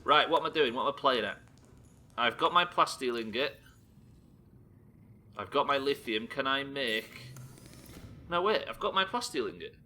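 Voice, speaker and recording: A man's voice: medium pitch, expressive, normal speed, pauses often, bright, forceful tone, a little hiss or hum. Sweary man streaming a game. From Britain. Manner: sweary, chatty, reading chat aloud. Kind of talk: live gameplay commentary.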